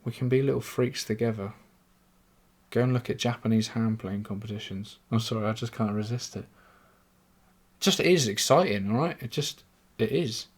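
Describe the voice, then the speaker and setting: Rambling English bloke swearing casually. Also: male voice, medium pitch, normal speed. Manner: swearing, rambling, self-mocking. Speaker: podcaster. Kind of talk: casual monologue.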